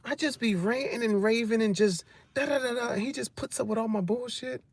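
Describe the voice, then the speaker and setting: A man's voice: extremely high pitch, brisk, voice pushed up. A man mimicking an exasperated ranting girlfriend. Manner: complaining, exasperated rant. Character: ranting annoyed adult girlfriend.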